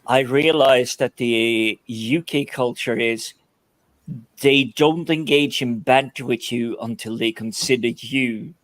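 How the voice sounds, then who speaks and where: A man's voice: medium pitch, takes it slowly, dry recording. A man hosting a casual panel chat, cheeky and prone to repeating words. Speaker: host.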